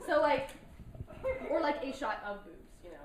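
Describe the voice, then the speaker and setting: A woman's voice: high voice, very animated, normal speed. A young woman doing a stand-up set, chatty and self-deprecating, laughing between lines. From North Carolina mountains. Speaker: stand-up comedian. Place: large hall with an audience. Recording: echoey hall from far off, noisy.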